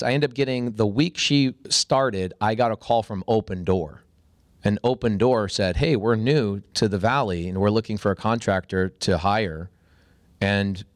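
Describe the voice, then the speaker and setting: A man in his forties, a podcast guest, telling a story with animated energy and a voice that jumps up when excited. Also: fairly low pitch, no room sound, studio quality.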